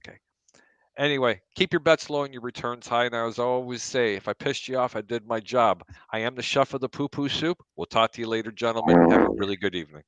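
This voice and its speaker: A man's voice: mid-range voice, fast talker, no room sound, dull audio. A man appearing as a sports handicapper guest, signing off in a brash, joking way on a casual talk show.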